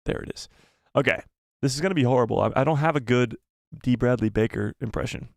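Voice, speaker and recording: A man's voice: mid-range voice, quick pace, gravelly, dry recording. A man hosting a casual live stream, reading viewer messages in a jokey, self-deprecating, rambling way into a close microphone. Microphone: close desk microphone.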